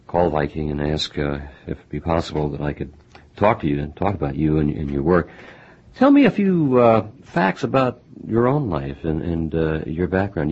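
A man hosting a radio interview, asking questions in a measured way with frequent hesitations. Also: rumbling low, husky, muffled recording. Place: New York radio studio.

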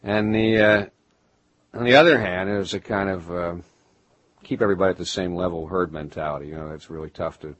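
A middle-aged man from Baltimore talks in a low, slightly husky voice, thinking aloud as a guest in an interview. He circles back and restarts his sentences, and the sound is dry and close. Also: fairly even intonation, no room sound, muffled recording. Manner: musing, halting, with many restarts and fillers. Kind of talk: reflective conversational interview.

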